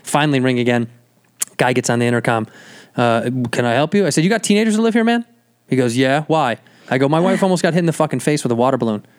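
Guy rattling off a story on a podcast, quick and loose, swears a lot, does the other people's lines. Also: medium pitch, clean tone. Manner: fast, profane storytelling that acts out the people in the story. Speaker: guest comedian.

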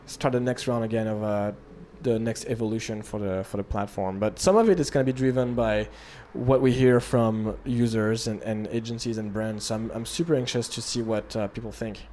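A man's voice: on the low side, fairly even intonation, a little fast, few pauses, warm tone, slight background noise. A man who founded a creative studio, talking in a casual interview in a thoughtful, hesitant way with frequent restarts.

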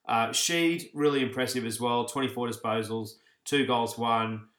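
A man's voice: medium pitch, fairly even intonation, normal speed, a bit bright, reverberant. An Australian man co-hosting a casual podcast chat, telling stories and laughing as he talks. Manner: chatty storyteller, laughs while talking. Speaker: podcast co-host.

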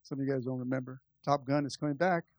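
A man's voice: mid-range voice, fairly even intonation, quick pace, gravelly, no room sound, lo-fi sound. A man pastor preaching a conversational sermon, calling out to the church and building to impassioned stretches. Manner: impassioned, rising in volume.

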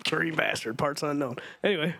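A man's voice: on the high side, fairly quick, creaky, pushed and bright. A man playing a tabletop game, answering brashly and joking in character. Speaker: player.

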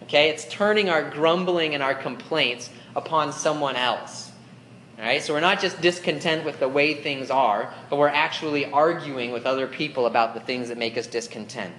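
A man's voice: on the high side, moderate pace, fairly bright tone, slight background noise. Casual preaching man, echoey room. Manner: casual, conversational preaching with fillers; acts out whiny grumbling voices. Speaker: youth pastor. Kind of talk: sermon. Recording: echoey room with faint ambience.

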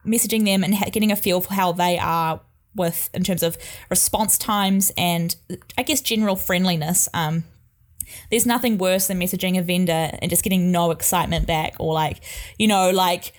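Young woman, chatty photographer, lowish voice, loose fillers. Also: fairly even intonation, moderate pace. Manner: chatty, many fillers and laughs. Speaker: wedding photographer. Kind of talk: casual podcast chat.

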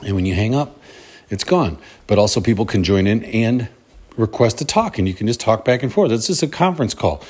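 A middle-aged man with a slightly low voice hosts his own podcast, speaking solo in a loose, conversational way. He sounds upbeat and motivational, and he rambles and restarts his sentences as the thoughts come. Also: expressive, brisk, a little mellow, slightly rough. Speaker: podcast host. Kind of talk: casual solo podcast monologue.

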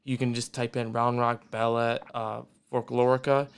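A man's voice: medium pitch, level tone, normal speed, vocal fry, clean tone. A man from Michigan hosting a radio show, chatting and plugging a guest in a loose, upbeat way. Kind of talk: casual radio interview.

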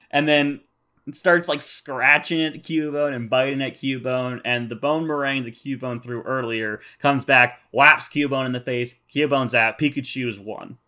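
A man's voice: mid-range voice, steady tone, measured pace, pushed and bright. A man co-hosting a casual podcast, recapping episodes with nerdy attention to detail. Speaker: podcast co-host.

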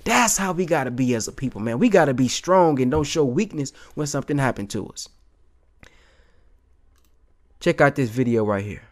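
A man's voice: mid-range voice, expressive, quick pace. A man giving casual motivational commentary on video clips, emphatic and slangy, often calling his listener "man".

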